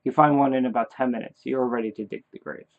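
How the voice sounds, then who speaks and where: A man reading a horror text game aloud in second person, halting and correcting his own slips. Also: medium pitch, steady tone, gravelly. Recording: tinny phone-like sound.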